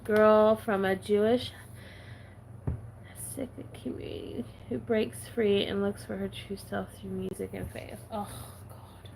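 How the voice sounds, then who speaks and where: A woman's voice: medium pitch, level tone, measured pace, gravelly, a little mellow, a little hiss or hum, poor audio. Giggly chatty valley-girl-sounding woman. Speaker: planner vlogger. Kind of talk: casual chat while stamping.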